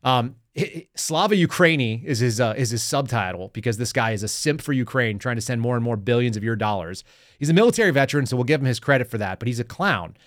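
A man's voice: mid-range voice, expressive, fast talker. A man hosting a political commentary podcast, reading news aloud and reacting with sarcastic, mocking remarks aimed straight at his listeners. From Texas. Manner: talks to the audience directly, reads news aloud. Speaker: podcast host.

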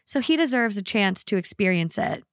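A woman's voice: medium pitch, expressive, normal speed, dry recording, studio quality. A woman co-hosting a podcast, reading a listener's story aloud with expression and then chatting casually about it.

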